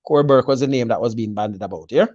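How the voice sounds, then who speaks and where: A man's voice: mid-range voice, very fast, a little mellow, no echo, dull audio. A man with a Jamaican accent in a casual sports chat, confidently breaking down a team selection and mixing patois with English. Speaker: football pundit.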